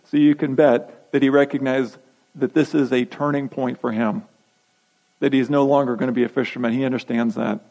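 A man's voice: mid-range voice, flat delivery, fairly quick, vocal fry, darkish tone, low-quality recording. A man preaching a sermon, emphatic and repetitive, posing rhetorical questions to his congregation. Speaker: pastor.

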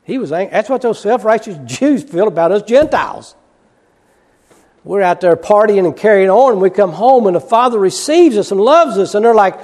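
High-voiced preacher in a reverberant hall. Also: male voice, very animated. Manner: swings between loud, quick emphasis and hushed, slow passages; repeats key phrases for emphasis. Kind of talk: sermon. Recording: long reverb of a large hall.

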